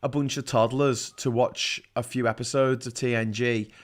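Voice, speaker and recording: A man's voice: mid-range voice, steady tone, moderate pace. A man from Liverpool with a Scouse accent, hosting a casual live call-in chat and swearing freely. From Liverpool, England. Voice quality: sweary, laughs often. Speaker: host.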